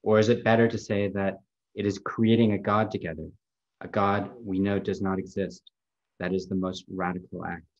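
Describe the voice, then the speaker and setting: A man with a very low, deep voice gives a poetry reading. He delivers a long chain of questions in a measured, incantatory cadence. The audio is dull and lo-fi. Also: level tone, a little mellow. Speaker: poet.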